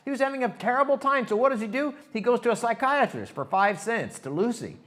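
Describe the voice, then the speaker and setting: A man's voice: extremely high pitch, quick pace. A male pastor preaching a sermon, telling a story with animation and talking straight to his congregation. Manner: animated storytelling, shifts to hushed reflection; talks directly to the congregation.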